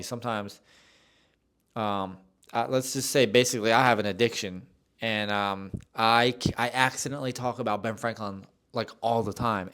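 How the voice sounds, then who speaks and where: A man's voice: medium pitch, a bit bright, clean tone. A young man hosting a solo podcast, telling a rambling, self-deprecating story with many restarts. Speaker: podcast host.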